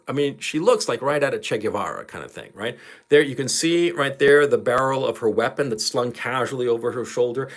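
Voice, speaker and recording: Rambling emphatic man, lively pitch. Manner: rambling, emphatic, repeats words, asks rhetorical questions. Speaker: commentator. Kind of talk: casual video commentary.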